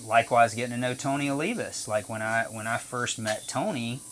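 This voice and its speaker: Man, tattoo artist guest, casual swearing storyteller, average pitch, faint background hiss. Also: brisk, a bit bright. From North Carolina. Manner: profane, rambling, acts out both sides of the old conversation. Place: tattoo studio, painting while talking.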